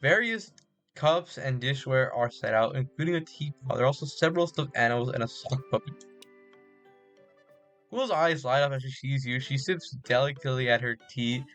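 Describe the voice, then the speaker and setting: A man's voice: mid-range voice, moderate pace, fairly bright tone, soft background music. A man playing a dating game, reading its text aloud and reacting with casual bemusement. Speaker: gaming streamer.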